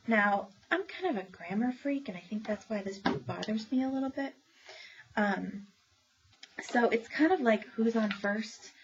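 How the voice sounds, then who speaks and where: A woman's voice: fairly high pitch, lively intonation, a little slow, muffled recording, noisy background. A woman librarian chatting through book reviews with lots of ums and opinionated asides. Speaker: librarian reviewing new children's books. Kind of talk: casual book review talk.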